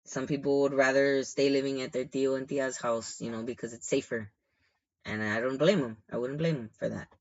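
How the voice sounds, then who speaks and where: A young man talks straight to the camera in a loose, frustrated ramble, circling back on himself and leaning on filler words. His voice sits at an ordinary middle pitch. The sound is a little dull and lo-fi. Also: fairly even intonation, fairly quick. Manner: frustrated, rambling, many restarts and "you know". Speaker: shelter caseworker. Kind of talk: casual storytime vlog.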